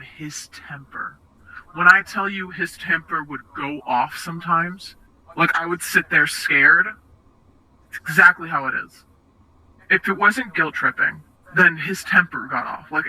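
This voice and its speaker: A young woman being interviewed, recounting personal experiences in a halting, hesitant way with many restarts. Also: on the low side, pushed and bright, low-quality recording. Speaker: interview guest.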